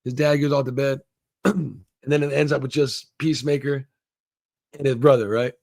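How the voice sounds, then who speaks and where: A man's voice: mid-range voice, steady tone, moderate pace, creaky, a little mellow, no echo. A man hosting a casual, rambling and profane review of a TV episode. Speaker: show reviewer, channel host.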